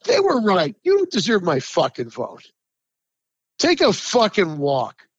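A man co-hosting a sports talk podcast, ranting loudly and with a lot of swearing, from the New York area. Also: high voice, wildly swooping pitch, measured pace, husky, no room sound. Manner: ranting, profane, emphatic, heated. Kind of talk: heated sports talk chat. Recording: dry, muffled lo-fi sound.

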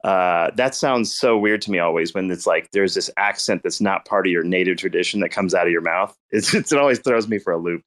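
A man's voice: low voice, a little fast, hardly any pauses, fairly bright tone. A married man co-hosting a casual chat, rambling with many restarts and fillers. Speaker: co-host.

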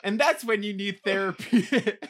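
Male podcast co-host, high lively voice, bright tone, rambling crude banter. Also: normal speed. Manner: rambling, crude jokes, many "like" fillers. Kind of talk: casual chat.

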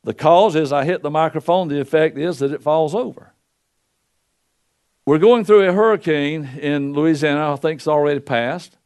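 An older man delivers a sermon into a pulpit microphone. His voice sits a little high, and his folksy, storytelling manner swings from loud declarations to low, quiet asides. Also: moderate pace, clean tone. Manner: folksy preaching with wide swings in pitch and loudness. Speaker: pastor.

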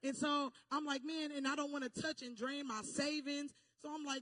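High-voiced woman preaching with fervor. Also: normal speed, no echo, studio quality. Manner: animated, repeats "okay?" and "y'all" to the listeners; builds to loud call-and-response preaching. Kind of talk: sermon-style testimony.

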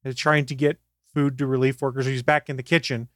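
A man co-hosting a geek podcast, telling stories in an animated way and acting out the voices of the people in them. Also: mid-range voice, brisk, no room sound, clean studio sound. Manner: animated anecdote teller who acts out quotes. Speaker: podcast co-host. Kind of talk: casual chat.

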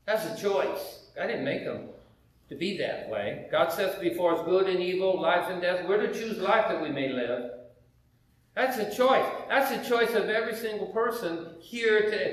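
A man's voice: high voice, lively intonation, moderate pace, far from the mic. A man from the United States preaching a sermon in a conversational way, firing rhetorical questions at the congregation in a church. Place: church sanctuary. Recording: very echoey hall, heard from afar.

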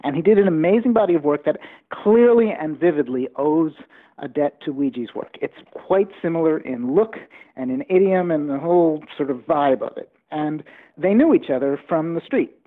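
A man's voice: fairly high pitch, expressive, moderate pace. Man telling stories over a phone line. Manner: enthusiastic anecdotal storytelling. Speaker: author guest. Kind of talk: storytelling interview talk.

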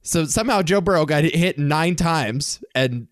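A man's voice: a little high, expressive, normal speed, dry recording, studio quality. A man hosting a casual podcast chat, teasing his co-hosts and laughing often.

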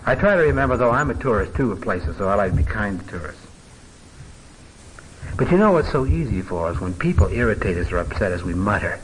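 A man's voice: fairly low pitch, very animated, brisk, slight background noise, low-quality recording. A middle-aged man teaching a Bible passage in a folksy, conversational way, with joking asides and filler words.

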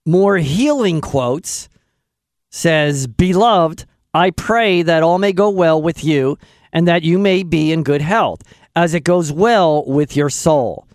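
A man's voice: on the high side, takes it slowly, darkish tone, dry recording. A man hosting a radio show, chatting in a rambling, casual way into a studio microphone. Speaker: radio host.

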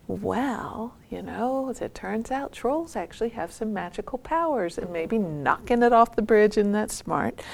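Slow, gravelly woman telling a tale. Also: on the low side, a little hiss or hum. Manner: reflective storytelling, drops to soft near-whispers. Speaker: meditation teacher. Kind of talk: dharma talk retelling a folk tale.

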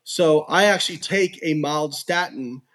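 Lively, chatty man with a bright voice. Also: a little high, a little slow. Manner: animated, heavy use of "like" and "you know"; earnest, frank. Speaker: podcast guest. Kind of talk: casual storytelling and explaining research.

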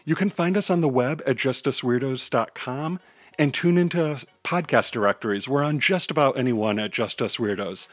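A man narrating a children's superhero story with an animated, theatrical delivery, and hosting the podcast. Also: medium pitch, moderate pace, no room sound.

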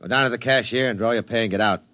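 A man's voice: mid-range voice, very fast, bright, forceful tone, lightly acted. A man as a ruthless tycoon barking orders. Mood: commanding. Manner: clipped, commanding orders. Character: domineering male business tycoon, curt, ruthless. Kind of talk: 1950s radio drama acting.

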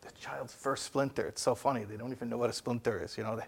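A man giving an animated lecture, telling stories and asking rhetorical questions. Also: mid-range voice, quick pace, gravelly, husky. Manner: storytelling with rhetorical questions and acted-out dialogue.

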